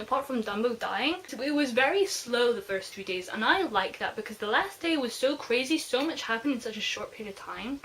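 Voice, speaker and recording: Gushing young woman, high voice. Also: rough recording. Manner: gushing, emotional, excitable. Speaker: book vlogger. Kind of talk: casual book review.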